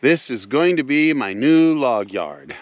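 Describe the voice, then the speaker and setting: A man with a medium-pitched, expressive voice talks at a measured pace, casually narrating a vlog for his viewers while walking through wooded land outdoors. He's an off-grid cabin builder with a folksy manner who calls his audience "folks." The recording is lo-fi with no room sound.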